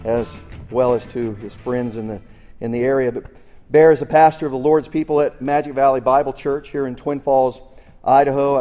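Man, church host, dark mellow voice, earnest, emphatic, long hall reverb. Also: medium pitch. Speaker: host introducing a pastor. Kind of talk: live church introduction.

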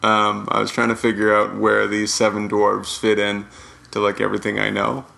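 A man co-hosting a comedy podcast, making absurd jokes with deadpan delivery. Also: on the low side, moderate pace, vocal fry. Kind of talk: improvised comedy banter.

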